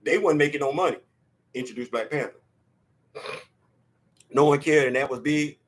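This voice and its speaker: Man, high-pitched voice, excitable casual pop-culture host, shouts and laughs. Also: moderate pace.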